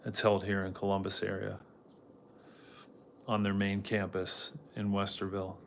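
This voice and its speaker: A man's voice: deep voice, completely flat delivery, normal speed, gravelly, slight background noise. A man hosting a casual livestream in a rambling way, reading out chat comments and talking to his dog now and then. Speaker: livestream host.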